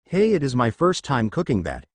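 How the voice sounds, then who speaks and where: A man voicing a humble, gentle middle-aged mother in a fan fiction reading. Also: medium pitch, wildly swooping pitch, moderate pace, no room sound.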